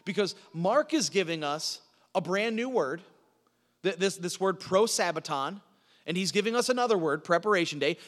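A man preaching an expository sermon in an animated way, repeating phrases for emphasis and asking and answering his own questions. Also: high-pitched, long reverb tail. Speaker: pastor.

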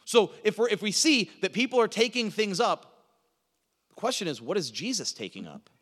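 A man preaching a sermon, teaching through a Bible passage with emphatic delivery that swings from loud to hushed. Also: high voice, very animated, normal speed, big-room sound.

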